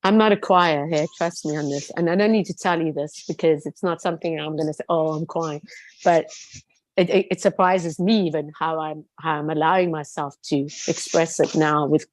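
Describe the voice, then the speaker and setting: A woman's voice: sits low, fairly even intonation, moderate pace, no room sound. Woman guest, earnest and emphatic testimony, leans on repeated words, dry close recording. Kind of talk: heartfelt personal testimony in a conversation.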